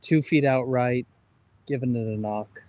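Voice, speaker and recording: A man's voice: mid-range voice, measured pace, a little mellow, no echo. Man talking through his golf shots. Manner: thinks aloud through each shot. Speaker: golfer and co-host. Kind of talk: casual livestream chat. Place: outdoor golf course in rain.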